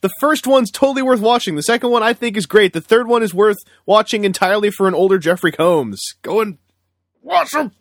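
Male podcast host, higher register, dry close sound; rambling, repeats himself, erupts into excited rants. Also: brisk, no echo. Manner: rambling, repeats words when starting, bursts into excited shouts. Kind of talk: casual podcast chat.

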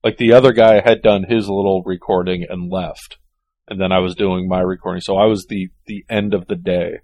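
A man's voice: low-pitched, steady tone, moderate pace, darkish tone, no room sound. A man co-hosting a casual chat, hesitant and full of restarts. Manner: hesitant, many ums and restarts. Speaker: podcast co-host.

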